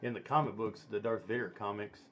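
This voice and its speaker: A man's voice: lowish voice, steady tone, brisk, fairly bright tone, highs cut off, a little hiss or hum. A man hosting a casual chat, talking in a rambling way with many fillers and restarts. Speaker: stream host.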